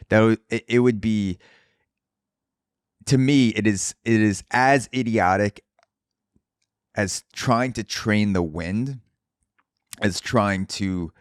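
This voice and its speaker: A male podcast host giving an animated solo monologue and casually swearing as he acts out quoted voices. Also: fairly low pitch, clean tone, no echo, studio quality. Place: Brooklyn, New York.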